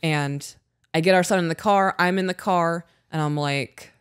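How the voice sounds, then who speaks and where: A woman's voice: lowish voice, normal speed, clear, resonant tone, dry recording, clean studio sound. A woman co-hosting a podcast in casual chat, frank and swearing freely as she tells stories. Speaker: podcast co-host.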